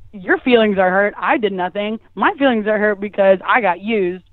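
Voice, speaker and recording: A woman's voice: mid-range voice, moderate pace, no echo. A young woman phones in to tell a story, laughing often and scattering "like" through her talk. Her voice comes through a narrow, tinny phone line with a dry, close sound. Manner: chatty, laughing, lots of "like" fillers. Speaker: caller guest. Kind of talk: casual storytelling.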